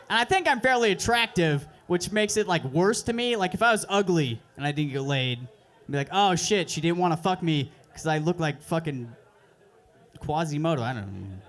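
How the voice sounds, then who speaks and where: A young man doing a stand-up set at an open mic, with crude, deadpan, self-mocking delivery on a handheld stage mic. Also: fairly high pitch. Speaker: stand-up comedian. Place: comedy club stage.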